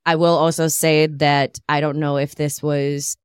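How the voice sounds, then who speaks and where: A woman co-hosting a podcast, chatting casually and reading out a content warning in a measured way. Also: low-pitched, little pitch movement, clear, resonant tone, no room sound, studio quality. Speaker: podcast co-host. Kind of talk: casual chat.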